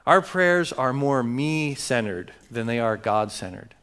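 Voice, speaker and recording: A man's voice: mid-range voice, expressive, a little slow, few pauses, a bit bright. A man preaching a sermon as pastor, emphatic and joking with his congregation.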